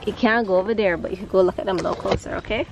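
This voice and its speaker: A woman's voice: medium pitch, very fast, creaky. A woman vlogging at an outdoor park, chatting playfully with her toddler in a coaxing, sing-song way. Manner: playful, coaxing baby talk with a lively sing-song lilt. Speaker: vlogger and mother. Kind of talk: casual vlog talk to her toddler. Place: outdoor park and wildlife reserve. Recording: noisy outdoor ambience. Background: outdoor ambience and animals.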